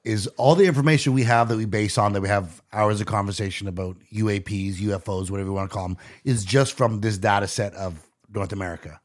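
A man's voice: on the low side, quick pace, hardly any pauses. A man co-hosting a podcast in casual chat, rambling through stories and trailing off. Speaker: podcast co-host.

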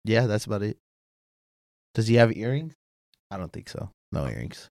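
Man, lowish voice, relaxed and drawn out, dry sound. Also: moderate pace, gravelly, no room sound. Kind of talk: casual group chat.

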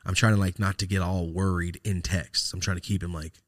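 Low-voiced man telling a story, swearing freely. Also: little pitch movement, brisk, no room sound, clean studio sound. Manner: profane, rambling, acts out quoted texts. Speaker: podcast host. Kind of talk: casual storytelling.

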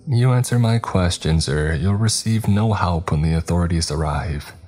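A man voicing a composed, authoritative woman who runs a facility, in a storybook-style horror reading. Her speech is smooth and probing. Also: low voice, moderate pace, darkish tone, faint music behind. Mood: cool. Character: cold composed female facility boss.

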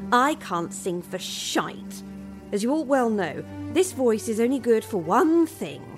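Audio drama casting: a slow, crude, lively-pitched pub regular. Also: female voice. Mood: refusing. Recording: music score underneath.

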